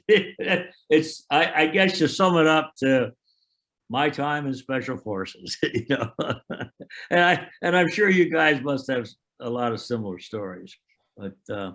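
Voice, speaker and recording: A man's voice: mid-range voice, a bit bright. An older man, a Special Forces veteran, recounting anecdotes in an oral history, quoting others with frequent chuckles.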